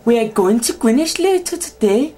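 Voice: medium pitch, expressive, normal speed, mellow, slightly rough, voice pushed up. A speaker trying a sing-song Welsh accent. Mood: hammy. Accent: attempted Welsh. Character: person attempting a thick Welsh accent.

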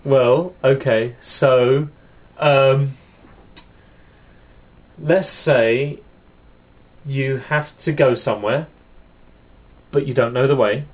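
A young man co-hosts a relaxed podcast chat. His delivery is dry and laid-back. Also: medium pitch, very slow, pauses often. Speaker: podcast co-host. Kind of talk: casual chat.

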